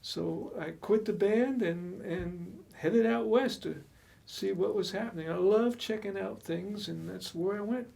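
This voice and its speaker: A man in his seventies reminiscing in casual chat, relaxed and measured, chuckling at times. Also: high-pitched, gravelly. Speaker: co-host.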